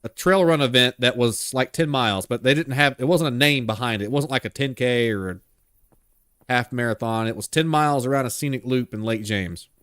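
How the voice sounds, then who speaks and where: A man's voice: mid-range voice, a little fast, a bit bright, clean tone, no echo, studio quality. A man hosting a live horror game stream. He talks casually, rambles, jokes and laughs a lot.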